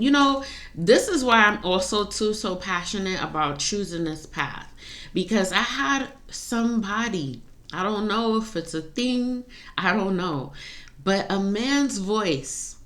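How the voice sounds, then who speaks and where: A woman's voice: lowish voice, a bit bright. A woman talking in a personal vlog, rambling and confessional, laughing to keep from crying. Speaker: vlogger.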